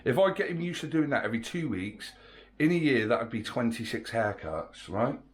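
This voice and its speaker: Chatty dad vlogging at home. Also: male voice, mid-range voice, animated, a little fast. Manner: chatty, explaining and persuading. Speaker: parent vlogger. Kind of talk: casual family vlog chat.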